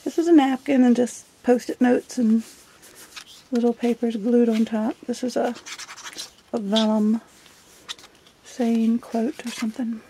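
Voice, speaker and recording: A woman's voice: fairly high pitch, little pitch movement, a little slow, pauses often, warm tone, slight background noise. A middle-aged woman chatting casually while flipping through her journal, giggly and self-deprecating. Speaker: journal vlogger. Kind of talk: casual show-and-tell chat.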